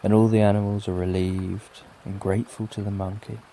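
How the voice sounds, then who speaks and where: A middle-aged British man narrating a bedtime story for sleep, gentle and lulling with plenty of repetition. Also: lowish voice, level tone, brisk, a little hiss or hum. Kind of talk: slow soothing bedtime storytelling. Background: soft rain.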